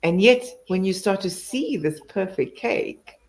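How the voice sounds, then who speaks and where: A woman's voice: mid-range voice, animated, measured pace, darkish tone, low-quality recording. A woman hosting an interview, reflective and affirming. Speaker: host. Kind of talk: conversational interview.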